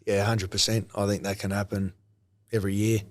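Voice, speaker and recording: Laid-back New Zealand man with a low voice. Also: fairly quick. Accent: Australian-tinged New Zealand. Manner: relaxed, hesitant with frequent ums and restarts. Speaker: guest, former rugby league player. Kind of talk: casual interview.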